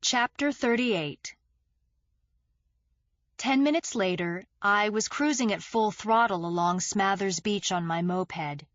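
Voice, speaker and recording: A woman narrating a mystery thriller audiobook in the first person, with measured, steady storytelling on a close studio mic. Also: mid-range voice, no echo, muffled recording.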